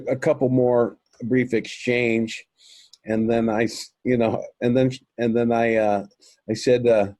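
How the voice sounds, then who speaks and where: Earnest, rambling man with a mellow voice. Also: mid-range voice, no echo. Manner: rambling, many fillers and restarts; earnest, addresses listeners as folks. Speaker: interview guest. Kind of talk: recounting a personal experience.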